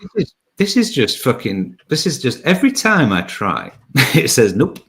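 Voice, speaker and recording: A man's voice: mid-range voice, wildly swooping pitch, moderate pace, a bit bright. A male host running a casual live chat show, teasing his guests with crude, sweary banter.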